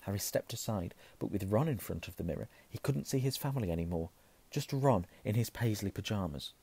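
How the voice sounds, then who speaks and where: A hoarse man reading a novel aloud, hushing at tense moments and correcting himself. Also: on the low side, animated, a little fast. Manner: self-correcting, softening to a hush at tense moments. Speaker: reader.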